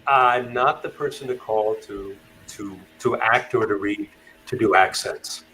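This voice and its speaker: Man in a halting, thoughtful interview. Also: lowish voice, crowd noise, poor audio. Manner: thoughtful, halting with frequent fillers. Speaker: author guest. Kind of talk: casual interview talk.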